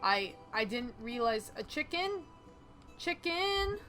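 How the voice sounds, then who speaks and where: Gaming host, female, chatty let's-play commentator who reacts out loud, with a bright, crisp tone. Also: mid-range voice, normal speed, faint music behind. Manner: chatty, exclaims and talks back to the game.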